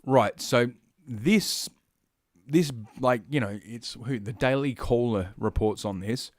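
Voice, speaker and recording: An Australian man talks alone into the mic, reading out news items and veering into swearing, sarcastic tangents, with plenty of fillers along the way. His voice sits at an ordinary middle pitch for a man. The sound is close and dry, with no room echo at all. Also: slow. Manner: rambling, profane, sarcastic, with frequent fillers and asides. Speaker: podcast host. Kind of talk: solo commentary reading news stories.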